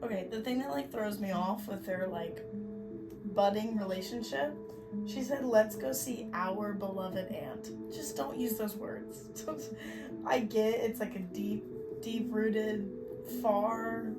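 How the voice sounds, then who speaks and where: Speaking slowly in a medium-pitched voice, a young woman reads and chats in her bedroom for her book vlog. She giggles and reacts dramatically, recorded on a distant mic with music in the background.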